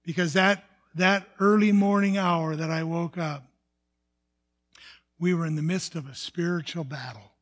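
Older man, pastor, high voice, earnest testimony, halting restarts. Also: steady tone, a bit bright. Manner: earnest storytelling with frequent restarts and fillers. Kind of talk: personal testimony sermon.

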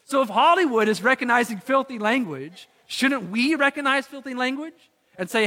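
A man's voice: very high-pitched, expressive, normal speed, pushed and bright, in a large hall. A man preaching a sermon in a conversational way, with filler words and rhetorical questions. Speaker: pastor.

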